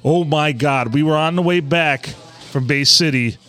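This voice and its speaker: A man co-hosting a podcast, telling profane, animated stories in casual chat at a bar. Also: on the high side, moderate pace, soft background music. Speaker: podcast co-host. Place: bar on a Monday night.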